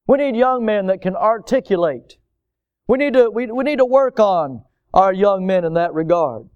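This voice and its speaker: Emphatic preacher man, smooth resonant voice. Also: high-pitched, lively intonation, normal speed, a little mellow, highs cut off. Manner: emphatic, repeating words for stress. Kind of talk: sermon.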